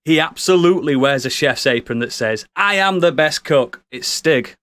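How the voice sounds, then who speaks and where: A man's voice: a little high, expressive, normal speed, fairly bright tone, no echo. A man hosting a podcast, giving playful jokey introductions. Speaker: podcast host. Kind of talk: casual chat.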